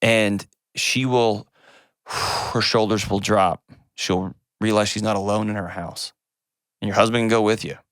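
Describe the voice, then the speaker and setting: A man, hosting an advice call-in show and answering a caller in an earnest, gentle way. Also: fairly low pitch, fairly even intonation, a little slow, smooth, no room sound, studio quality. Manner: earnest and gentle, shifts pace often.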